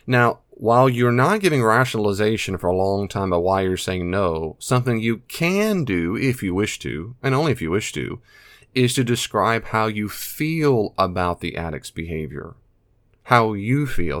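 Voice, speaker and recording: Speaking directly to camera, an American man offers earnest, emphatic guidance on addiction and family, returning again and again to his key phrases. His voice is on the low side, and there's no room sound.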